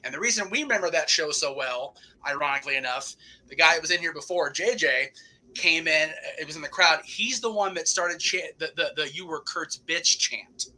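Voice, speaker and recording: Bright-voiced talk host telling stories. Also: male voice, a little high, a little fast, rough recording. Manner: rambling storyteller with many restarts and fillers. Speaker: podcast host. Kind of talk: casual reminiscing chat.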